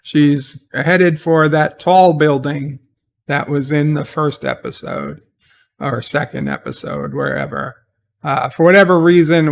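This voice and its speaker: A man's voice: medium pitch, creaky, a little hiss or hum. A man giving a rambling, exasperated spoken review of a TV episode, often restarting his sentences. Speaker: TV show reviewer.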